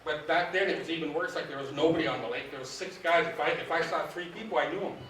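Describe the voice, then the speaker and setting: A man with a slightly high voice spins folksy fishing tales to a club audience, bringing the quoted lines to life. He sounds far from the microphone in a very echoey meeting hall. A faint hum of room noise sits under his voice. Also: fast talker. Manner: folksy, animated, acts out quoted dialogue. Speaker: fishing guide giving a club talk. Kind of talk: casual storytelling to a club audience. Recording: echoey room, distant mic.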